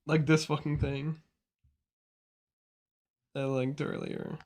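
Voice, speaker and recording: Swearing man streamer with gravelly voice. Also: fairly high pitch, flat delivery, slow, darkish tone. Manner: blunt, swearing, reacting to clips. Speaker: speedrun streamer. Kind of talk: casual stream chat.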